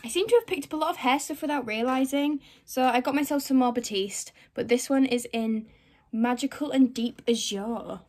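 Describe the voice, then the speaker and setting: A young woman from England, a vlogger chatting casually through her shopping haul, rambling with lots of fillers and soft asides. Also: high voice, normal speed.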